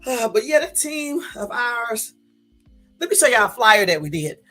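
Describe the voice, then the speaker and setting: A woman's voice: fairly high pitch, sing-song, normal speed, sharp tone, faint music behind, low-quality recording. A woman vlogger at home, chatting casually to her viewers late at night, laughing and rambling.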